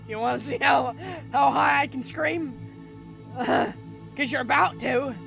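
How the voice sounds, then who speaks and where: A woman's voice: high-pitched, slow, vocal fry. A woman giving let's play commentary on a horror game, panicky, laughing and screaming, repeating pleas over and over. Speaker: gamer. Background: game music.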